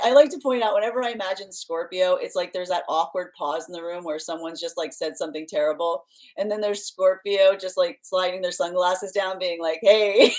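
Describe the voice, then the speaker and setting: A woman's voice: medium pitch, darkish tone, rough recording. A woman hosting a live tarot reading stream, chatting casually, reading out viewer comments and laughing often, sometimes playfully stern and motherly. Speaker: tarot reader hosting a livestream. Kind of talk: casual livestream chat.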